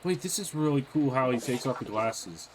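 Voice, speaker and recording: A gaming video creator plays a horror game in a let's play, reading its on-screen text aloud and reacting with sudden startled outbursts. His mid-range voice is animated at a moderate pace, with crowd noise in the background.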